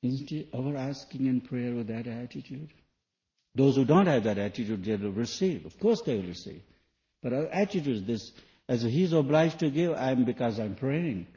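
A man's voice: medium pitch, animated, moderate pace, warm tone. A man giving a spoken sermon to an audience, asking rhetorical questions in a loose, non-native phrasing. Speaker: spiritual teacher. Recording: dull lo-fi 1980s tape recording.

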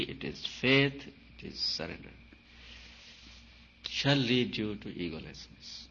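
A man, a spiritual teacher, giving an emphatic talk full of rhetorical questions, swinging between loud and soft. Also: mid-range voice. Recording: dull lo-fi recording with faint hiss.

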